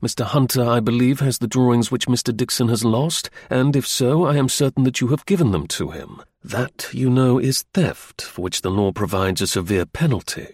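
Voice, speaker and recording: A man voicing a calm, stern male detective who gives firm, measured orders in an audiobook reading. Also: medium pitch, breathy edge, dry recording, clean studio sound.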